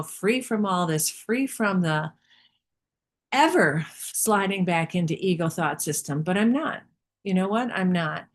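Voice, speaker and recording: Candid woman sharing in a study group. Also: mid-range voice. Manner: candid, rambling, self-reflective. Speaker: participant in a spiritual study group.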